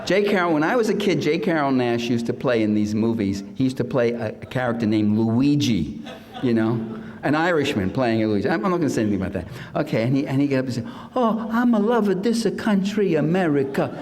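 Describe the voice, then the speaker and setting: A man's voice: medium pitch, animated, fast talker, darkish tone, long reverb tail. An older man giving a public lecture in a sardonic, mocking manner, sometimes putting on comic voices. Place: lecture hall.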